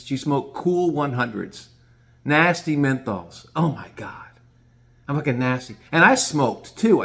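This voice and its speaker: A man's voice: mid-range voice, gravelly. A man casually telling a rambling, profane story, often restarting his sentences.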